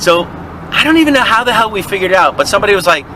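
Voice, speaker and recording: A man's voice: high-pitched, quick pace, pushed and bright, poor audio. A man co-hosting a vlog, chatting casually from a car in traffic, rambling through a story and laughing often. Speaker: vlog co-host. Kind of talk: casual chat while driving.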